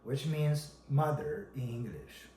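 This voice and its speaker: Chinese man teaching Mandarin tones, slow and careful, lively pitch, echoey room with faint noise. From China. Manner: slow, deliberate, repeats example words. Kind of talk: language lesson.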